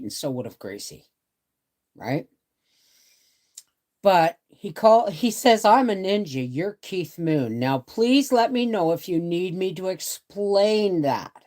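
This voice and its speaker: A middle-aged woman who hosts a homestead channel chats casually on a live stream from her bed in the bedroom, rambling and greeting viewers by name. Her voice is low and mellow.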